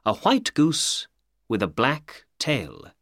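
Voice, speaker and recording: A self-assured detective explains a crime slowly and deliberately, as a male audiobook reader puts him on. His pitch stays lively while the pace stays unhurried. The recording is dry and close. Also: dry recording, heavily acted. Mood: calm. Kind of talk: audiobook character voice.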